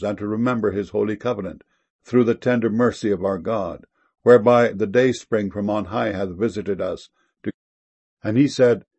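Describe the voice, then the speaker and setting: A man giving a solemn, measured scripture reading. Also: fairly low pitch, vocal fry, a little mellow, slightly rough.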